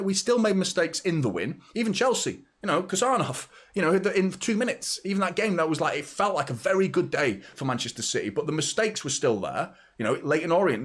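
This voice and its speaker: A man in his thirties hosting a football watchalong live stream, talking casually and rambling as he reads out viewers' messages. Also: a little high. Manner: chatty, rambling, reads out super chats.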